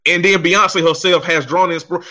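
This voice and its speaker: A man's voice: sits high, steady tone, moderate pace, sharp tone. A man co-hosting a podcast, ranting in heated, exasperated commentary and swearing heavily.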